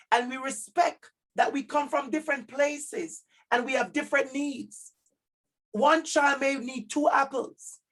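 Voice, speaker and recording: Over a video call, a keynote speaker at a parent conference gives a lively workshop talk to parents. This man has a Jamaican accent and a very high-pitched voice, repeating key words for emphasis and calling on audience members by name.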